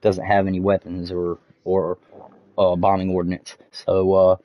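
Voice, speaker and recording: A man with a very low voice tells a long story as he streams, stumbling through fillers and restarts and swearing freely. His mic sounds dull and lo-fi, in a dry room with no echo. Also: monotone, measured pace. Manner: rambling, many fillers and restarts, swears often. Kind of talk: casual storytelling while gaming. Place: home streaming setup.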